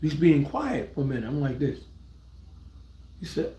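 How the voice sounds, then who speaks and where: A middle-aged man live-streaming a casual story, rambling and excitable, often restarting his words and swearing freely. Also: fairly high pitch, moderate pace. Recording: roomy echo.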